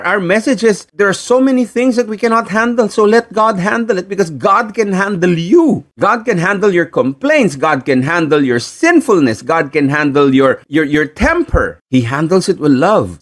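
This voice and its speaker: Man, Filipino accent, sermon, lively pitch, repetitive emphatic delivery. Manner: animated, repetitive, stressing key phrases. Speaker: preacher.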